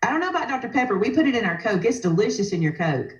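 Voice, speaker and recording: A woman's voice: fairly high pitch, very animated, rapid-fire, reverberant, lo-fi sound, very noisy. A woman, chatting enthusiastically on a casual livestream and laughing easily. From Alabama. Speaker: guest.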